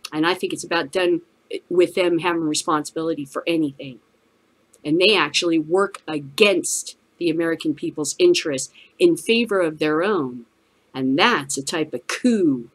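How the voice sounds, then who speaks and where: A woman's voice: low-pitched, normal speed, low-quality recording. A woman hosting a cannabis news show, ranting in profane, sarcastic commentary.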